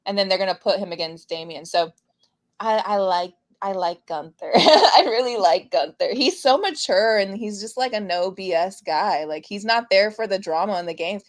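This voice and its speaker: A woman's voice: medium pitch, normal speed. Chatty woman recapping wrestling. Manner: animated, laughs often, trails off and restarts. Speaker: podcast co-host. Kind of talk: casual wrestling recap chat.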